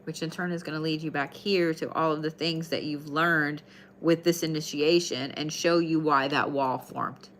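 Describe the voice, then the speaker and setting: A woman's voice: sits low, steady tone, normal speed, fairly bright tone, slight background noise. A woman giving live card readings, talking casually and addressing viewers by name. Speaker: tarot card reader.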